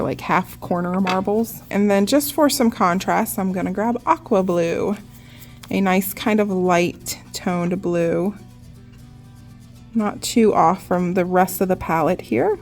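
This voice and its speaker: Chatty woman teaching nail art. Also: mid-range voice. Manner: chatty, relaxed, lots of "like". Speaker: nail artist. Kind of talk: casual step-by-step nail art tutorial.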